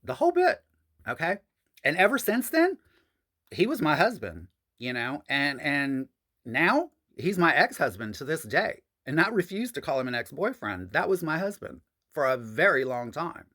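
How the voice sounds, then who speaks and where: A man's voice: very animated, moderate pace, bright, forceful tone. A man telling a story from his own past in a casual, profane monologue, calling his viewers honey and y'all. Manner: jumps high in pitch for emphasis.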